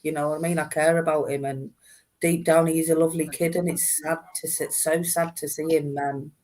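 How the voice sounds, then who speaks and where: Woman, emotional caregiver in a casual chat, even delivery. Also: sits low, fairly quick. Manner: emotional, earnest. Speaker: stepmother figure.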